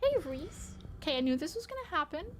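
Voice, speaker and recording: A woman streaming a horror game, reading its text and reacting loudly, swearing and shrieking at scares. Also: high-pitched, sing-song, fast talker, a little hiss or hum. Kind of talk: live game playthrough commentary. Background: game music.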